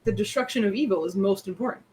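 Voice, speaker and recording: A woman's voice: mid-range voice, quick pace, a little mellow, slightly rough, close to an everyday voice. A woman voicing a proud, possessive phoenix spirit in a tabletop game, speaking in stern declarations.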